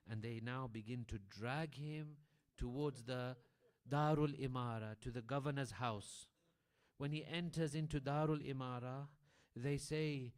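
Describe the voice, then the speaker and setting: Brief: man preaching a dramatic sermon, hushed to loud. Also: medium pitch, measured pace, clear, resonant tone. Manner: dramatic storytelling, swings between hushed and loud. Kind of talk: sermon narration. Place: community centre prayer hall.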